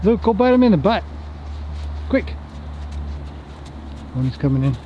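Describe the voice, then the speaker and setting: A man's voice: high-pitched, sing-song, unhurried, dull audio, a little hiss or hum. A man, a horse trainer, chatting casually as he works his horses outdoors and talks fondly to them. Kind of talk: casual commentary while working horses.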